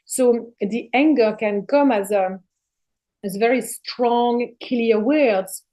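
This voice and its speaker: A middle-aged woman sits in as a podcast guest, her voice sitting a touch high. She talks in a casual, spiritual way and presses hard on her points, swearing freely as she goes. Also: takes it slowly, warm tone. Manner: emphatic, passionate, swears freely.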